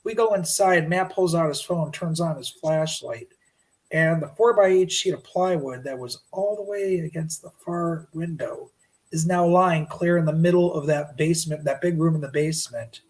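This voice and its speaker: A middle-aged man telling a paranormal story as a podcast guest, lively and animated, acting out his own shouts. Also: on the high side, moderate pace, poor audio.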